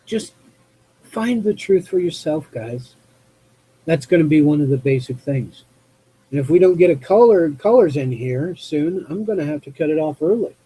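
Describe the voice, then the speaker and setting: A man from the US West Coast hosting a live call-in show, talking off the cuff in a rambling, halting way as he searches for words. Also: on the high side, lively intonation, warm tone, slightly rough, rough recording. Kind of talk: unscripted monologue to chat viewers.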